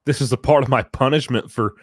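A man's voice: medium pitch, fast talker, dry recording, studio quality. A man commenting on a recorded phone call, sarcastic and mocking.

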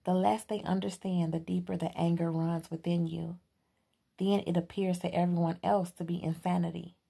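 A woman reading the part of a calm, intense young man who questions a girl in steady, even tones. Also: on the low side, moderate pace, gravelly, slightly rough.

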